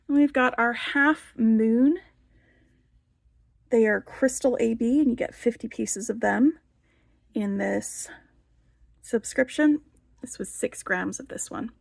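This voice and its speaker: A chatty, enthusiastic woman hosts a casual show-and-tell vlog, her fairly high voice carrying a gravelly fry. She leans on filler words as she talks. The sound is dry and close, with little room around it. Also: no room sound. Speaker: beading channel host.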